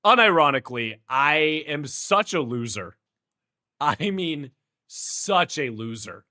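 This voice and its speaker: A man's voice: on the high side, expressive, takes it slowly, bright, forceful tone. A playful, goofy young man with a Houston accent, chatting casually with his stream viewers in heavy slang and laughing often.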